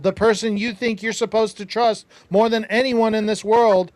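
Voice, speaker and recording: Male podcast host, high register, emphatic storyteller, dry close sound. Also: fairly even intonation, moderate pace, few pauses, no echo. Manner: emphatic, preachy asides to listeners. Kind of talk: casual storytelling.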